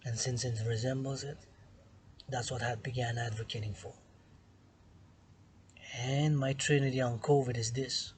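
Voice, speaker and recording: A man in a mid-range voice philosophizes outdoors, looping back over the same phrases again and again. He leans hard on some words and drops to a hush on others. Steady outdoor noise runs clearly under him. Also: mid-range voice, moderate pace, long pauses, rough recording. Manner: repetitive and emphatic, swinging between loud stresses and hushed whispers. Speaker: vlogger philosophizing to camera. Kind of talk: rambling monologue. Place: outdoors in the sun on an island.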